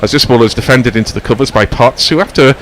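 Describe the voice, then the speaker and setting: A man's voice: mid-range voice, fast talker, slight background noise. Rambling male cricket commentator. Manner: rambling, whimsical asides. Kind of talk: ball-by-ball radio commentary.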